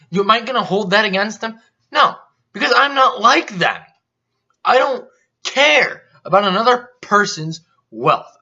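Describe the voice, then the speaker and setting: A man's voice: mid-range voice, sharp tone. A man on a vlog delivering an angry, profane rant, heated and sarcastic. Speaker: vlogger. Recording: dull lo-fi recording.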